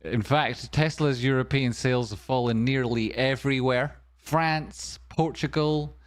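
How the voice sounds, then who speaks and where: A man's voice: mid-range voice, unhurried. A man hosting a stock stream, giving a comedic market news rundown with wry, jokey asides. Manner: wry, jokey asides, sudden softer murmurs.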